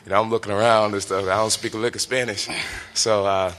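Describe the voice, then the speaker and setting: Speaking on the low side at a quick pace, a young pro fighter in his twenties animatedly recounts a story. He laughs often and performs other people's lines.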